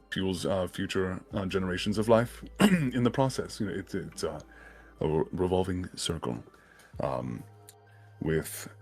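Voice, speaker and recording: A man chatting casually on a livestream, musing in a rambling, thoughtful way about a book's ideas. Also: low voice. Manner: rambling, thoughtful, often laughing. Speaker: co-host discussing a book. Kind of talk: casual livestream chat and commentary.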